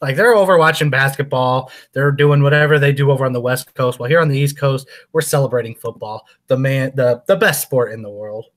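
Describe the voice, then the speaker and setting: A man co-hosting a casual sports chat, animated and joking as he talks football. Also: mid-range voice. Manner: animated, joking, quick to laugh. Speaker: sports podcast co-host.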